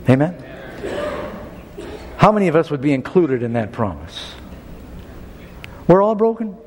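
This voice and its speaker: A middle-aged male pastor preaching a sermon, telling a personal story with lively swings in pitch and building to an appeal. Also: a little slow, pauses often. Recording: long hall reverb.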